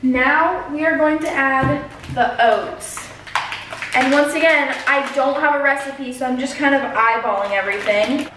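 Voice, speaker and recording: A woman's voice: high voice, unhurried, background noise. A teenage girl vlogging casually while cooking in her kitchen, talking with lots of fillers. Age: teens. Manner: chatty, many fillers, talks while mashing. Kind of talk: casual cooking vlog chat. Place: home kitchen. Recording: very echoey room, distant mic.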